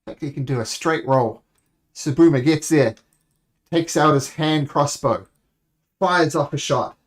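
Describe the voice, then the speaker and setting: A man's voice: fairly high pitch, unhurried. A man narrating as game master, rambling along with self-corrections.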